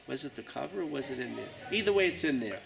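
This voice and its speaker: A man's voice: medium pitch, lively intonation, fast, vocal fry, poor audio. A man in his sixties with a New York accent, a journalist rambling chattily through a casual tour of his exhibition, full of jokey asides. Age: 60s. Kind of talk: casual guided tour talk.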